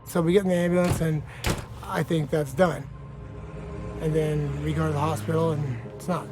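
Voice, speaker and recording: Fighter guy telling his story, swears a lot, bit higher voice, music behind. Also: steady tone, moderate pace. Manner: blunt, profane, laughing at himself. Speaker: fighter interviewed in a documentary. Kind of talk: candid interview storytelling. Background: background music.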